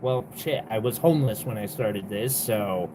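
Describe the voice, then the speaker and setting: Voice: medium pitch, normal speed, mellow, slight background noise. A young adult jewelry seller hosting a live sale, talking in a rambling, exasperated way with lots of fillers and the odd swear word. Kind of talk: casual livestream chat.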